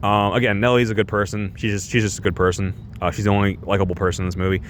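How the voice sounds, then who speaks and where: A man's voice: fairly low pitch, little pitch movement, racing, a little hiss or hum. A young man giving a casual, sarcastic movie review on a stream, full of restarts and rhetorical questions.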